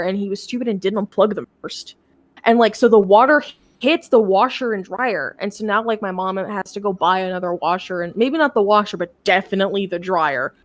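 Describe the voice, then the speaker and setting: A woman's voice: mid-range voice, no room sound. Rambling, foul-mouthed young woman streamer. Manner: rambling, profane, with frequent restarts. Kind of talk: casual storytelling chat.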